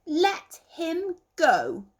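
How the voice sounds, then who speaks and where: A plucky young boy rabbit on a storybook adventure, played by a woman reading aloud. He speaks slowly and earnestly, his voice rising and falling. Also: a little high, big pitch swings, pitched above the performer's own voice, heavily acted. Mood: determined. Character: brave young male rabbit hero.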